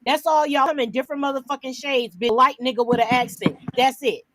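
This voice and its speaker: A woman co-hosting a podcast, ranting in a brash, loud and profane way in heated casual commentary. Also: sits high, fairly even intonation, a little fast, noisy background. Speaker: podcast co-host.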